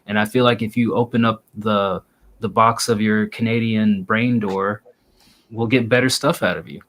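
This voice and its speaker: A man's voice: on the low side, fairly even intonation, moderate pace, a bit bright. A man hosting a casual music review show, giving blunt, crude, teasing critiques. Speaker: host reviewing listener songs.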